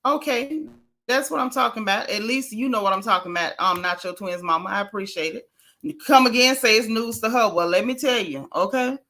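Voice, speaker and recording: A woman's voice: a little high, a little fast, pushed and bright. A woman hosting a casual gossip livestream, chatting emphatically and reading viewer comments aloud. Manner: emphatic, repeats phrases. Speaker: gossip show host.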